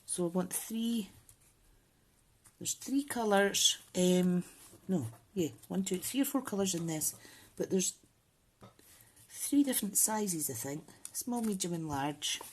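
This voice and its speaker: Chatty low-voiced woman crafting. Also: expressive, slow pace, slight background noise. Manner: chatty, thinks aloud with frequent ums. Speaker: papercraft channel host. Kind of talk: casual crafting tutorial.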